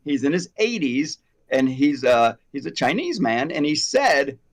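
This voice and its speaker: A man in his fifties hosting a casual chat about hair extensions, rambling and animated with many fillers and asides. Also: a little high, unhurried. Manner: rambling, animated, self-deprecating, frequent fillers. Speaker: hair extension educator, host.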